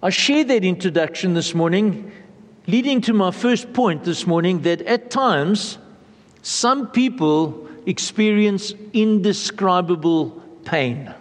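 Male pastor, high voice, earnest measured sermon delivery, long church-hall reverb. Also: animated. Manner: earnest, measured, with frequent pauses and repeated phrases.

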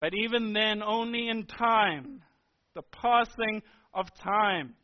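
A man with a very high voice preaches a sermon, pressing each point with repeated, emphatic phrases. The recording sounds dull and lo-fi. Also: fairly even intonation, takes it slowly. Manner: emphatic, repetitive preaching cadence.

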